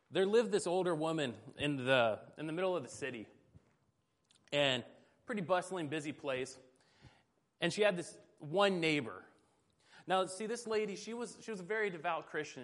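A man's voice: fairly high pitch, fairly bright tone. A man preaching a sermon, telling stories in a casual, conversational way with self-deprecating humor.

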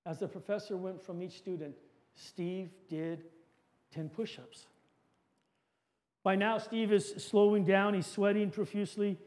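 High-voiced man telling a sermon story. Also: fairly even intonation, measured pace, long pauses, a little mellow.

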